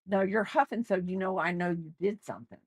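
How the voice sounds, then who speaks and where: A woman's voice: lowish voice, brisk, slightly rough, dry recording, clean studio sound. A middle-aged woman hosting a crochet livestream, chatting casually and teasing, often laughing. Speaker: livestream host. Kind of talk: casual chat while crocheting on stream.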